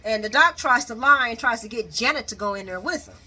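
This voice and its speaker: A woman giving a lively, casual recap of a soap opera, laughing often and acting out the characters' lines. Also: on the high side, fast talker, slightly rough. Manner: animated, laughs often, acts out quotes.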